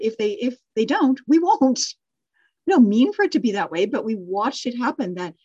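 A woman's voice: on the high side, darkish tone, breathy edge, no room sound, lo-fi sound. A middle-aged woman leading a live online class on storytelling, praising students and thinking aloud with restarts and small laughs. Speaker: course instructor.

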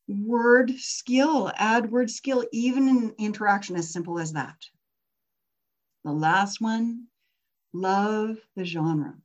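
A woman's voice: medium pitch, a little mellow, highs cut off. A woman teaching a persuasion workshop in a casual, conversational way, often putting questions to her audience.

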